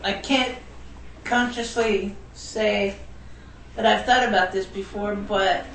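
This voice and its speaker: A woman's voice: medium pitch, steady tone, slow. A woman in a Bible study group, sharing a thoughtful, reflective comment. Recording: distant voice in an echoey room with faint noise.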